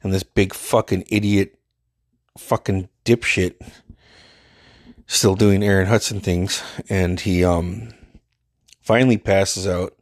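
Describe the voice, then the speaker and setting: A man's voice: deep voice, steady tone, takes it slowly, long pauses, dry recording, studio quality. A man casually telling a profane, exasperated story and acting out what people said. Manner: profane, exasperated, acts out quotes.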